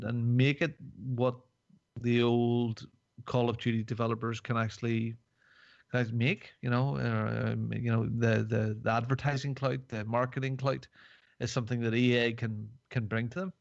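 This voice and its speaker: A man's voice: medium pitch, creaky, no echo. Rambling man hosting a podcast. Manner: rambling and jokey, many fillers. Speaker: podcast host. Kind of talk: casual chat. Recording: dull, dry podcast mic.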